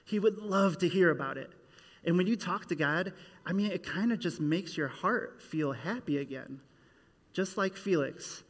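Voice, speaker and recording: A man's voice: high voice, normal speed. A man leading a children's church service, telling a Bible story and getting the kids to act along with him. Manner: animated, leads kids in call-and-response. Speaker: children's minister. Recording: echoey hall.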